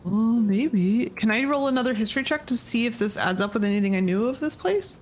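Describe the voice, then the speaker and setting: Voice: mid-range voice, a little fast, slight background noise. A player in a tabletop game, speaking casually with tentative, questioning remarks.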